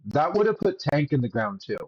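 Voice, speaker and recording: A man's voice: a little high, very animated, fairly quick, husky, dull audio. A man running a tabletop game as game master, teasing his players and laughing easily.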